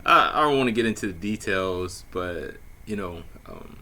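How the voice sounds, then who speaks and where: A man's voice: sits low, expressive, moderate pace, sharp tone, slight background noise. A man casually telling a personal story, laid-back and slangy with plenty of swearing and fillers. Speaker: vlogger telling a dating story.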